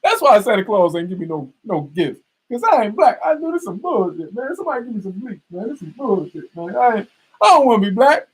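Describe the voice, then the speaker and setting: Dude putting on a whiny high complaining guy, husky and over the top. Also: big pitch swings, brisk, full character voice, rough recording. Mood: whining mockery. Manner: whiny, complaining, exaggerated mocking. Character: whining, self-pitying grown man, complaining.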